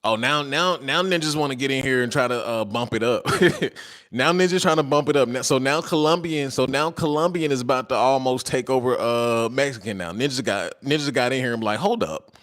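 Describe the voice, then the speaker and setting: A man's voice: mid-range voice, fairly quick, hardly any pauses, a bit bright. A man hosting a casual livestream, reading viewer comments aloud in a loose, slangy way, repeating his phrases and laughing often.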